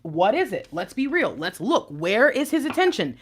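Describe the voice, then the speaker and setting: A woman hosting her own channel, giving an excited, casual tarot reading, bursting into laughter and then dropping to mutters. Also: fairly high pitch, moderate pace, breathy edge. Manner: excitable, swings from loud laughing outbursts to muttering. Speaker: intuitive tarot reader and channel host.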